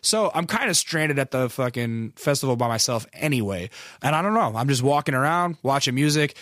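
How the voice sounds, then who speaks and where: In a clean studio recording with no echo, a man tells a long, rambling story in casual speech loaded with profanity and self-deprecating asides. His voice is medium-pitched and fairly bright, with lively intonation and a fairly quick pace.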